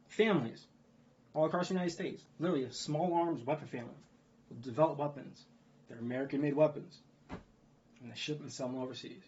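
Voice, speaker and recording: A man's voice: on the high side, darkish tone, highs cut off. A man ranting about the news, swearing freely and asking rhetorical questions as he repeats his points. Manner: profane, repetitive, rhetorical "guess what" questions. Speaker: video blogger.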